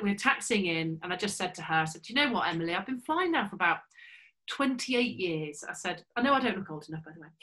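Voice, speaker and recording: A woman, a former pilot telling a lively story and acting out the voices of the people in it. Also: mid-range voice, rough recording. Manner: lively, animated storyteller who acts out voices. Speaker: former RAF pilot and speaker. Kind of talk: anecdotal storytelling in conversation.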